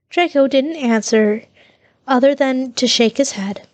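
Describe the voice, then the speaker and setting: A woman reading fan fiction aloud in a steady way, with small slips that she corrects. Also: high-pitched, a little slow, no room sound.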